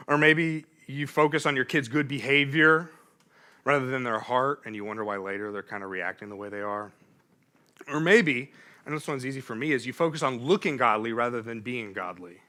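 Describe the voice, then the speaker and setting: Animated, bright-voiced young male preacher. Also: medium pitch. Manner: animated storytelling, laughs at himself. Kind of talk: sermon with personal story. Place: church.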